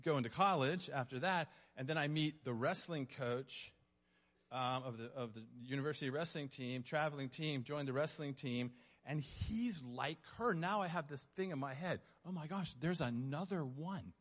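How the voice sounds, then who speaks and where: A man's voice: mid-range voice, moderate pace, a bit bright. A man giving an earnest, self-mocking testimony in a storytelling sermon style. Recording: long reverb of a large hall.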